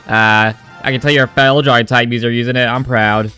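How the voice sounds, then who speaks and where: A man's voice: mid-range voice, fairly even intonation, brisk, sharp tone, smooth, faint music behind. A man giving sarcastic, crude, joking commentary over his game playthrough. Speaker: gaming video creator.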